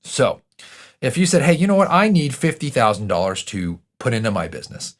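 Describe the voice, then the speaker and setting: A man's voice: mid-range voice, very animated, a little fast. A man hosting a podcast, coaching listeners on finances in an emphatic, direct way. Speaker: podcast host. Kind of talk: motivational podcast talk.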